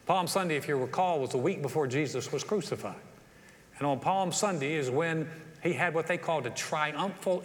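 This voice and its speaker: A man's voice: on the high side, in a large hall. A man preaching a sermon, telling stories in a folksy way with playful acted asides. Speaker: pastor.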